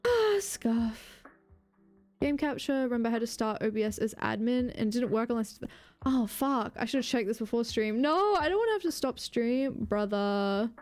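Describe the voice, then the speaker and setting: A woman's voice: fairly high pitch, lively intonation, normal speed, darkish tone, faint music behind. A woman live streamer in casual, rambling chatter, swearing and mocking herself as she goes.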